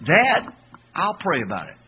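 A man's voice: high-pitched, huge pitch swings, normal speed, dull audio, slight background noise, full character voice. A man doing a whiny little boy. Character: small whiny young boy asking his dad.

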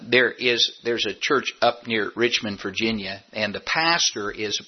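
A pastor preaching a sermon in a church, folksy and humorous, with emphatic rising peaks. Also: male voice, mid-range voice, husky, lo-fi sound. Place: church sanctuary.

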